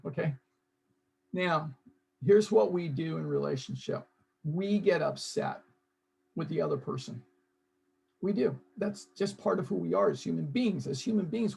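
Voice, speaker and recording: A man's voice: high-pitched, vocal fry, a little mellow, husky. A man leading an online seminar, coaxing his audience to join in. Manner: coaxing, urges audience to participate. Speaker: seminar leader.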